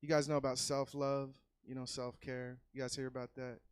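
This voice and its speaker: Male stand-up comic, casual and profane, average pitch, dry close sound, loud yelled punchlines. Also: level tone, brisk, clear, resonant tone, dry recording. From California. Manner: loose, profane, swings into loud yelled bits. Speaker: stand-up comedian. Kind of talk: stand-up set. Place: comedy club stage.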